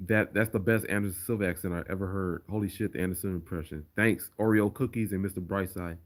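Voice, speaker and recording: A man's voice: low voice, steady tone, fast. A man chatting casually on a livestream and reading viewer comments aloud. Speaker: streamer.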